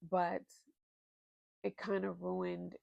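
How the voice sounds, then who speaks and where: A woman's voice: on the low side, monotone, extremely slow, vocal fry, a little mellow, no room sound, dull audio. A married woman chatting casually and expressively about books she recommends, with plenty of fillers. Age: adult, married. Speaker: book vlogger.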